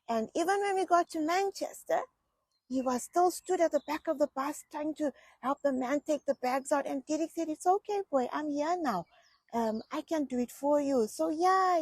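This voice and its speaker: A middle-aged woman from England telling personal family stories in a chatty, animated vlog style, often repeating herself. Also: a little high, vocal fry, no echo. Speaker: vlogger. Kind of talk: casual personal storytelling.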